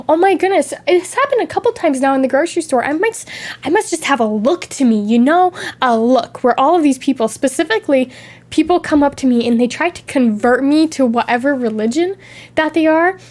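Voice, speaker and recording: A young adult woman streamer, sick with a lingering cough, telling stories in an animated, chatty way. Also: high-pitched, a little fast. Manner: animated, chatty storytelling with acted-out quotes. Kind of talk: casual chat.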